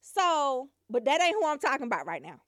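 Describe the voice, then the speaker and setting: With a high voice and a brisk pace, a woman tells a comic family story in a loose, casual way, laughing often and animatedly acting out her relatives. The recording is dry, with clean studio sound.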